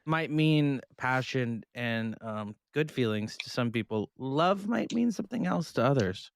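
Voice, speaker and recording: Deadpan male podcast co-host. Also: mid-range voice, a little slow, a little hiss or hum. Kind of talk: casual chat.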